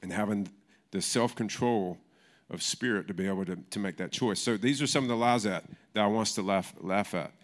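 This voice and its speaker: A man's voice: fairly low pitch, fairly quick. A man preaching a sermon in church in a casual, conversational way, often restarting his sentences. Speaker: pastor.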